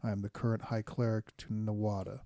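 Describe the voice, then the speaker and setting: A man playing a high cleric, speaking in a formal, measured and earnest way. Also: little pitch movement, mellow, no echo, clean studio sound, close to an everyday voice.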